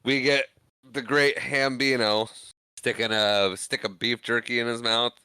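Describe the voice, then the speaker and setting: A man's voice: medium pitch, steady tone, unhurried, pushed and bright, clean tone, dry recording. A man co-hosting a podcast, casually retelling a film's scenes and laughing often. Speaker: podcast co-host. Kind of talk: casual movie recap chat.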